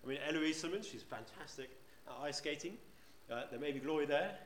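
Preacher in an echoey church. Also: male voice, a little high, expressive, fairly quick, fairly bright tone, a little hiss or hum. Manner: conversational, asks the congregation rhetorical questions. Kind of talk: sermon. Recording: roomy church echo.

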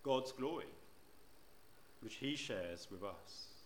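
A man delivers a sermon in a roomy church, his voice carrying a clear echo and a faint wash of room ambience. He speaks conversationally and keeps turning to the congregation with rhetorical questions. His pitch sits in the middle of the usual male range. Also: expressive, slow, slight background noise. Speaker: preacher.

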